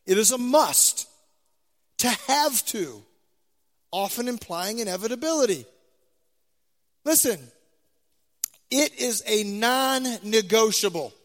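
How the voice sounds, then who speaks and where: A man delivers an emphatic sermon, driving points home by repeating key phrases. His voice sits very high for a man, and it swings from loud declarations to hushed low endings. A long reverb trails behind his words, as in a large hall. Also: lively intonation, slow, long pauses. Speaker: preacher.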